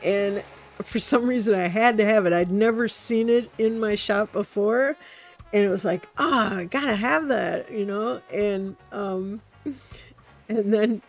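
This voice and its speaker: A woman hosting a relaxed gameplay stream, chatting and telling rambling stories as she plays. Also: medium pitch, takes it slowly. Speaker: game streamer host. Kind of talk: casual gameplay commentary. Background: soft game music.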